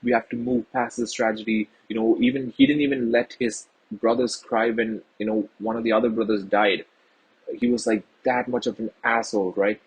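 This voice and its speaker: A man's voice: mid-range voice, huge pitch swings, moderate pace, creaky, husky, low-quality recording. A man giving a casual, rambling film review to his viewers, earnest and full of fillers.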